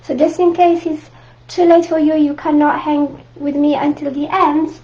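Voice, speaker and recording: A woman from Italy with an Italian accent, teaching a live online painting class and chatting warmly with viewers. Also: sits high, little pitch movement, moderate pace. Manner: chatty, warm asides to viewers, frequent laughs. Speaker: art teacher. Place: home art room. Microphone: camera mic at close range. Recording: dull lo-fi livestream audio.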